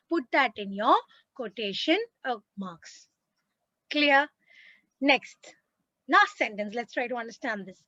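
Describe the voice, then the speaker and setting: A woman with an Indian English accent teaches grammar in an emphatic, repetitive way and keeps checking that her students follow. Her voice is high and bright. The recording is dry and a little muffled. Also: animated, slow pace, no room sound. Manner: emphatic, repeats and checks with "Clear?". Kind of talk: classroom grammar lesson.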